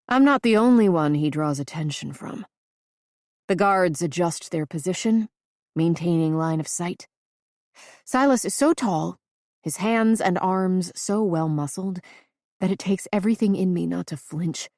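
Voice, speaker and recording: A woman narrating a first-person audiobook in a measured, even reading. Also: lowish voice, no echo, studio quality.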